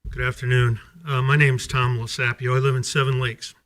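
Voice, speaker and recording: A man's voice: mid-range voice, flat delivery, a little fast, a bit bright. A man giving an angry, accusatory public comment at a school board meeting, full of rhetorical questions.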